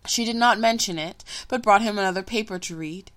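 A woman narrating a story in a measured, unhurried reading voice. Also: mid-range voice, a bit bright.

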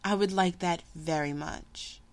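A woman's voice: fairly low pitch, measured pace. A woman reading a story, voicing an earnest seventeen-year-old boy who is eager and a little petulant. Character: earnest teenage boy, eager, sulky, impatient.

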